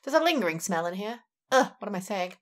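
A young adult woman giving jokey, excitable and profane commentary while she plays a game. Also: mid-range voice, fast talker, slight background noise. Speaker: let's play gamer. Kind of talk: casual gameplay commentary.

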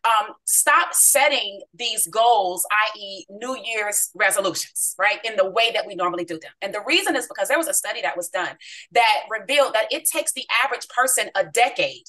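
A woman's voice: mid-range voice, expressive, normal speed, sharp tone, recorded from a distance, rough recording. A woman giving a motivational talk to her team on a group call, in an upbeat coaching tone that keeps checking in with the listeners.

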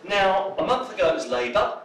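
A man speaks to a crowd in a pub function room, spinning comic stories and putting on the voices of the people in them. His voice sits fairly high and swings about lively. The mic is some way off, so the sound is roomy and echoey, with a faint hum of ambience underneath. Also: a little fast, recorded from a distance. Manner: jokey storyteller, acts out quoted voices. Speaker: political speaker. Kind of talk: anecdotal public talk.

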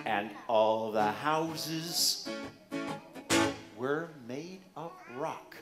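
Slow, playful man singing for children. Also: medium pitch. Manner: playful, addresses children directly with questions. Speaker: children's singer-songwriter and guitarist. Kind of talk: live children's library concert, singing with guitar. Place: library room with an audience of children. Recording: echoey room, loud guitar playing. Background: acoustic guitar.

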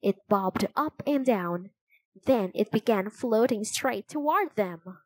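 A woman reading a children's chapter book aloud, telling it slowly and clearly. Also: medium pitch, expressive, slight background noise, low-quality recording. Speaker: storybook narrator.

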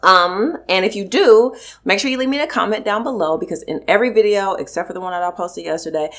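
A woman's voice: mid-range voice, quick pace. A young woman, chatting casually and expressively as a mukbang vlogger while she eats. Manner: animated, expressive, joking asides. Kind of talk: casual chat while eating.

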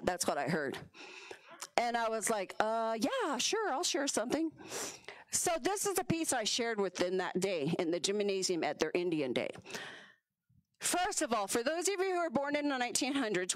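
A woman's voice: medium pitch, no room sound. A woman in her fifties from the Navajo Nation, telling a humorous, self-deprecating story as a symposium speaker. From Navajo Nation, US Southwest. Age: 50s. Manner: animated, playful, self-deprecating.

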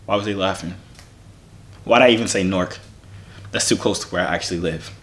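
A man's voice: sits low, a little fast, a bit bright. A young man from New Jersey, a vlogger joking and teasing strangers in a casual video chat.

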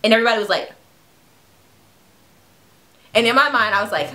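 A woman in her twenties, a food vlogger, telling a funny story in a casual, animated way, often breaking into laughs. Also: fairly high pitch, brisk, soft background music. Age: 20s.

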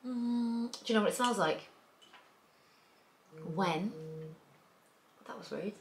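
A woman's voice: fairly high pitch, takes it slowly, gravelly, slight background noise. A British woman in her thirties, chatting playfully as she unboxes beauty products. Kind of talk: casual chat.

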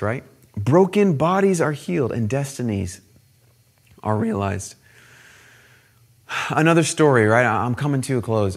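A young man preaching to a youth gathering, telling stories with animated swings from loud to hushed. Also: mid-range voice. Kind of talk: sermon storytelling.

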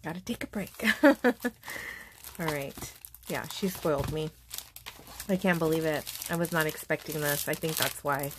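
A woman's voice: deep voice, unhurried, long pauses. A young woman vlogging as she opens craft gifts, gushing and full of fillers, moved to happy tears. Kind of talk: casual unboxing chat. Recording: steady background noise.

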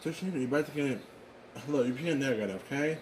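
A man improvising a fan drama, talking in a rambling, halting way with excitable exclamations. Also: medium pitch, a little hiss or hum, poor audio. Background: music.

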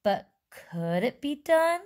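Woman putting on a shrill, excited boy. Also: slow, exaggerated voice. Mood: eager questioning. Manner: shouting eagerly. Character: bratty excited TV-obsessed young boy.

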